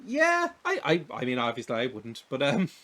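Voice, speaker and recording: Streaming a video game, this man from Ireland offers loose, meandering commentary that pokes fun at himself. His medium-pitched voice swings hugely in pitch and comes out fairly quick, pushed and bright.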